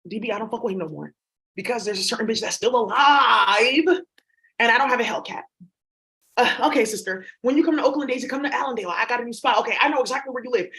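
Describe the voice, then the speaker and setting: A woman's voice: on the high side, a bit bright. A woman vlogger talking in a rambling, blunt, profane monologue. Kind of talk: casual monologue.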